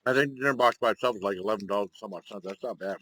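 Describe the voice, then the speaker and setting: A man's voice: lowish voice, sharp tone, no room sound, rough recording. Rambling man in a dry close vlog. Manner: rambling, halting, with many fillers. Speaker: mukbang vlogger. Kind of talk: casual eating vlog.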